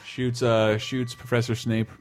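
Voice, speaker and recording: A man's voice: mid-range voice, level tone, measured pace. A man with a middling voice banters in a casual chat. He is sardonic and swears freely. Faint music sits in the background.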